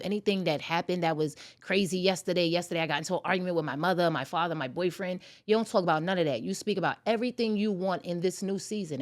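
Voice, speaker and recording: A woman guest on a podcast, telling a personal story in casual chat and acting out the lines of the people in it. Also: on the low side. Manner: animated, talks fast, acts out dialogue.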